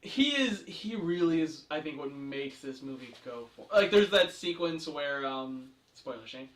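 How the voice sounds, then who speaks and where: Man co-host, casual film talk, lively and quick to act out lines, bright tone, distant roomy mic. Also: fairly high pitch. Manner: animated, acts out lines in funny voices. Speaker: podcast co-host. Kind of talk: casual movie review chat.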